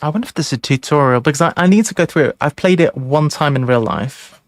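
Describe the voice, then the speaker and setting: A man's voice: a little high, quick pace, no echo. A man hosting a live board game stream, chatting casually and thinking aloud over his moves. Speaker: streamer host. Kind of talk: casual chat during an online board game.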